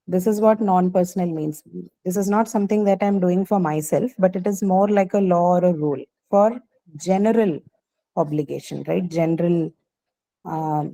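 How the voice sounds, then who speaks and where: A woman's voice: medium pitch, warm tone, poor audio. A woman teacher explaining a grammar point patiently in an online class, often checking in with the students. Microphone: video call.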